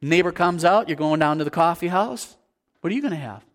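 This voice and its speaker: A man delivering a sermon with a fairly high-pitched voice. He preaches in an animated way, acting out everyday scenes in different voices and putting questions to his listeners. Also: quick pace. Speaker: pastor.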